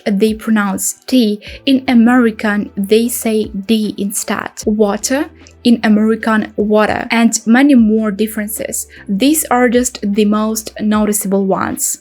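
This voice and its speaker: Young woman, relaxed tutorial delivery, light raised pitch. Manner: relaxed, explanatory, non-native phrasing. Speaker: language-learning YouTuber. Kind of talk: casual instructional talk to camera.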